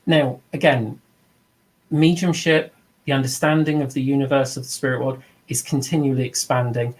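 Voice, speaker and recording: A man's voice: mid-range voice, fairly even intonation, moderate pace, poor audio. A middle-aged man giving an informal spoken lesson as a mediumship teacher, earnest and reflective, slipping into the voices of people he quotes.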